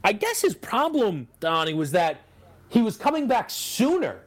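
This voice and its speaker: A man's voice: high-pitched, sing-song, normal speed. A man co-hosting a sports talk show, riffing casually and playing out imagined quotes. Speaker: sports radio co-host.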